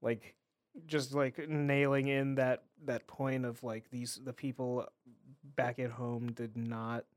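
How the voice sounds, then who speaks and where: A man co-hosting a podcast in casual chat, who acts out quotes in quick character voices. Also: mid-range voice, little pitch movement, dry recording, studio quality. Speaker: podcast co-host.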